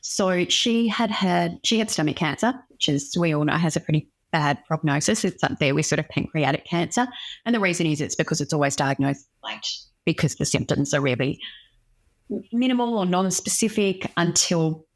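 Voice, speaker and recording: Low-voiced woman doctor. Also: lively intonation, moderate pace. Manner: earnest, reflective. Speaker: doctor, podcast guest. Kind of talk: candid personal storytelling.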